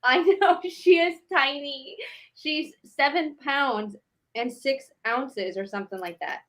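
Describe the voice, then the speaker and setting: A woman comedian from Chicago, a guest on a comedy show, chatting in a teasing, quick-witted way with dry jabs. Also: high voice, fairly bright tone. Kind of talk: casual video-call chat.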